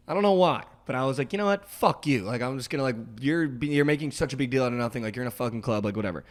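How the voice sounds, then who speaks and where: A young man telling a rambling party story on a podcast, peppering every phrase with "like". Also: mid-range voice. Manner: rambling, heavy use of "like", quick swings in loudness. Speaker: podcast host. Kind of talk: casual storytelling chat.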